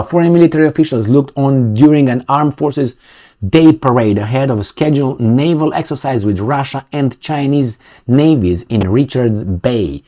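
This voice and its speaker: A man's voice: fairly low pitch, dark tone. A man in casual commentary, reading news aloud and joking sarcastically. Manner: sarcastic and joking, laughs often. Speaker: political commentary vlogger.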